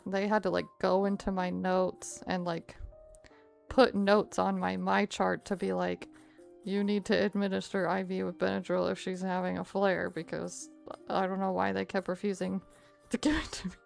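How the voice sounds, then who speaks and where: A young woman streamer telling a story to her chat in a casual, animated way with frequent laughs. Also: on the low side, normal speed, vocal fry, faint music behind.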